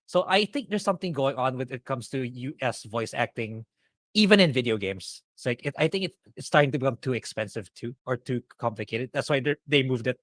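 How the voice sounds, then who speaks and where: A man co-hosting a casual podcast, animated and opinionated as he builds up his points. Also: mid-range voice, fairly quick, no echo, clean studio sound. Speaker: podcast co-host.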